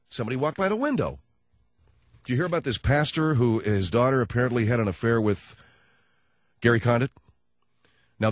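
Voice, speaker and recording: A male talk-radio host riffing through a comedic monologue, sarcastic and rambling. His voice swoops widely in pitch. The sound is close and dry, straight into a studio mic. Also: dry recording.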